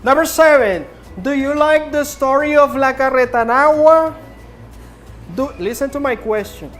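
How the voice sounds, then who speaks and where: A woman English teacher in a classroom, slowly repeating prompts and drilling her students. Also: sits high, soft background music. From Nicaragua.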